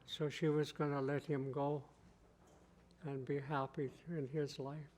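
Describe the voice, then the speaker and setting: Slow, level-voiced male storyteller. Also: on the high side, flat delivery, darkish tone, a little hiss or hum. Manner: slow, repetitive, plain-spoken. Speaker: tribal chief, keynote speaker. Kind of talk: traditional oral storytelling.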